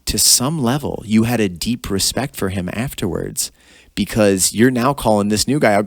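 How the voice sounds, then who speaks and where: Gravelly low man hosting a podcast. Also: expressive, moderate pace, dry recording, clean studio sound. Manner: earnest, reflective, drawing out the guest. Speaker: podcast host. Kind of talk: conversational interview.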